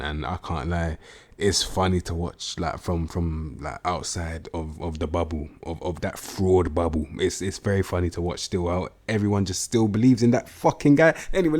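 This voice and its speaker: A young man giving casual, slangy video game commentary, blunt and prone to excited outbursts. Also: deep voice. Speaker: gaming YouTuber.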